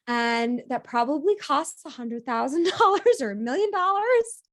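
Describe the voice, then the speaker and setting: A woman speaking as a podcast guest in a casual interview, animated, laughing easily and often restarting her sentences. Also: high-pitched, normal speed.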